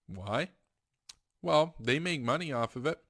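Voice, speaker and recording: A man's voice: a little high, lively intonation, measured pace, fairly bright tone, dry recording, studio quality. A man giving a heated, repetitive political commentary monologue. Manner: emphatic, ranting, repetitive.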